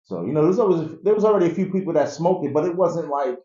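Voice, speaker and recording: A man telling his life story in a casual interview, animated and acting out the people in it. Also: a little high, fast. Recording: echoey, dull room recording.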